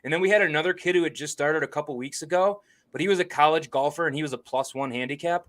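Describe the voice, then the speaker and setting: A young man co-hosting a casual golf podcast, telling stories in an excitable way, swearing freely and acting out what people said. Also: a little high, fast. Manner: excitable storyteller, swears freely, acts out quotes. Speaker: podcast co-host.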